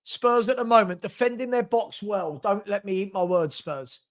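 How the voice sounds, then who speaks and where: A man calling a football match as a fan at home. His commentary is partisan and excitable, getting loud at big moments. It sounds like a casual stream from a home room. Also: high-pitched, normal speed. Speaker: fan watch-along commentator. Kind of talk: live match watch-along commentary.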